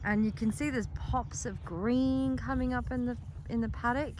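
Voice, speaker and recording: Her tone steady and her pace moderate, a middle-aged Australian woman narrates a casual phone vlog from the paddocks of her animal sanctuary farm. Chatty and affectionate, she coos at the animals in a high baby voice. Slight background noise is present, and her voice moves nearer and farther from the handheld camera.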